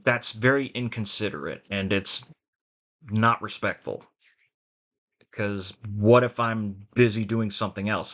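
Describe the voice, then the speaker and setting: A man's voice: fairly low pitch, sharp tone. A man talking frankly in a rambling vlog about his voice acting work. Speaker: voice actor and vlogger.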